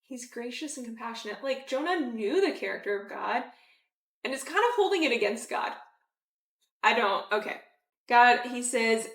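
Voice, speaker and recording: A woman teaching a casual Bible study, chatty and animated, with many fillers and acted-out quotes. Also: fairly high pitch, normal speed, echoey room, distant mic.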